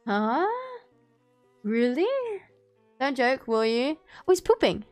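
A young woman in her twenties streaming gameplay, giggly and excitable, swearing freely as she comments. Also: on the high side, slow pace, clean tone, soft background music.

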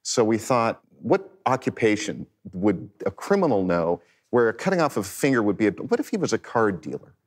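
A man on a panel calmly explaining how a show was made. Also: fairly low pitch, moderate pace, few pauses. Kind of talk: panel discussion.

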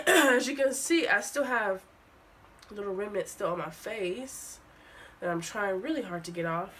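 Bright-voiced young woman vlogging, sniffly. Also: mid-range voice, animated, unhurried. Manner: exclaims and cries out in pain, then chats. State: sick and sniffly. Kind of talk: casual vlog talk to camera.

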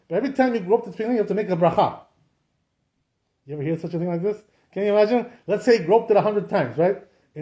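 Fast-talking rabbi with a high, mellow voice. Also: male voice. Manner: conversational, asks many rhetorical questions; mixes in Hebrew and Aramaic terms. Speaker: rabbi teaching Jewish law. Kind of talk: informal Torah class.

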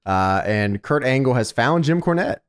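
A man's voice: medium pitch, lively intonation, moderate pace. A man co-hosting a podcast, casually narrating a wrestling recap in laid-back play-by-play with filler words. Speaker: podcast co-host.

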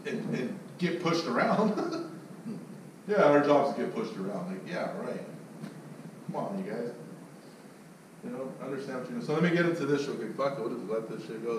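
Blunt swearing sales manager, echoey. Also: male voice, mid-range voice, animated, fairly quick. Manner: loud, blunt, swearing, mocks others in put-on voices. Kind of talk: profane motivational pep talk. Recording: echoey, distant mic with faint noise.

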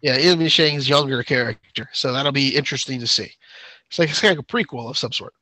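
A man's voice: mid-range voice, a little fast, sharp tone, dry recording. A man co-hosting a show, chatting casually, rambling and laughing often. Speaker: podcast co-host. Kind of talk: casual chat.

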